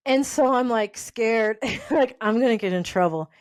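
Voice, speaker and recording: A woman casually telling a personal story, animated and laughing often as she acts out the people in it. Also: a little high, measured pace, no room sound, clean studio sound.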